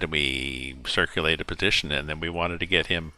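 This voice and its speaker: A man's voice: rumbling low, a little fast, sharp tone. A man chatting casually while driving a convoy in a truck game, telling rambling stories with many fillers and restarts. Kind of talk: casual chat while gaming.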